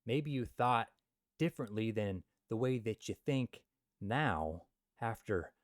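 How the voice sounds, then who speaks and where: A man's voice: fairly low pitch, lively intonation, slow pace, dry recording. Joking man giving a dry Bible talk. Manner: joking, jumps between loud asides and quiet mutters. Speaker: Christian video host. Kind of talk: comedic Bible commentary.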